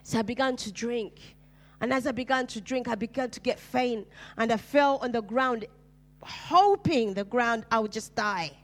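Fervent woman pastor telling her testimony. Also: moderate pace. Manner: animated storytelling, swinging from loud bursts to hushed lows. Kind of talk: personal testimony sermon.

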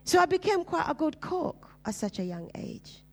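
A woman, a preacher, telling her personal testimony in conversation, earnest and dropping low and soft on painful memories. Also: big pitch swings, normal speed. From Uganda.

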